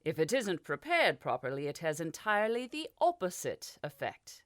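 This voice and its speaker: A pompous, showy male gunman in a fantasy audiobook who speaks with easy confidence, as a woman narrator puts him on. The voice sits somewhat low, lively in pitch, dry and close. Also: normal speed, no room sound.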